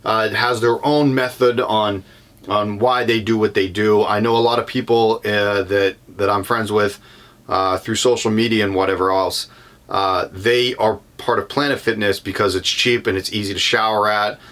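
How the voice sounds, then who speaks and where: With a fairly low, steady, slightly bright voice at a moderate pace, a young man with a Boston accent shows off his van for a vlog. His walkthrough is casual and rambling, peppered with ums and self-corrections.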